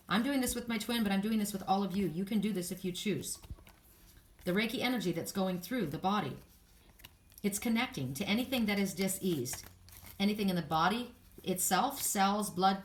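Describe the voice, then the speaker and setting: A woman's voice: mid-range voice, slight background noise. A woman giving a spiritual oracle card reading, speaking in an earnest, soothing way with affirmations.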